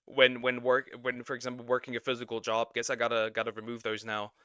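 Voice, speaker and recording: Bright, dry-voiced ranting young male streamer. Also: medium pitch, monotone, quick pace, smooth, no room sound. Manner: loud, exasperated, swearing rant. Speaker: streamer reacting to a clip. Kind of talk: reaction commentary.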